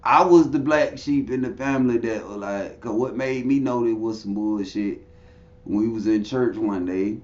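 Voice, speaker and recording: A man's voice: fairly low pitch, normal speed, a little mellow. A man talks bluntly and profanely as an interview guest, preaching his views in casual storytelling. The room is echoey. The audio sounds a little dull.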